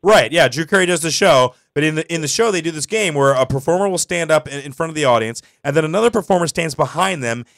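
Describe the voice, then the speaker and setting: Male host, quick rambling delivery, dry close studio sound. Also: a little high, animated, a bit bright, dry recording. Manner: rambling, restarts a lot, laughs often. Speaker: show host. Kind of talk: casual radio show chat.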